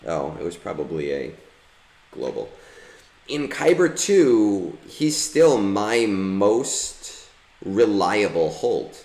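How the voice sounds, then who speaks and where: Brief: low-voiced, unhurried male streamer, rambling, filler-heavy, in a roomy echoing space. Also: very animated, a little mellow. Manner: rambling, many fillers and restarts. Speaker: gaming streamer. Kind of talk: casual livestream commentary while playing.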